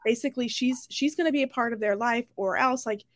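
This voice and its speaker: Woman, podcast co-host, lively chatty recap, lots of fillers, slightly high voice. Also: fairly quick. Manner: animated recap with many fillers. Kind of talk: casual book club chat. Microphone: video call.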